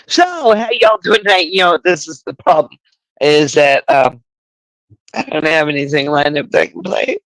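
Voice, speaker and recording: A woman's voice: low-pitched, lively intonation, moderate pace, no room sound, poor audio. A woman hosting a casual livestream, talking in a profane, rambling way. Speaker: livestream host.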